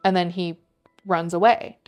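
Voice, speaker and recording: A woman's voice: fairly low pitch, steady tone, a little slow, soft background music. A woman co-hosting a podcast, retelling a story in a chatty way, full of "like" fillers and casual swearing. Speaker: podcast co-host.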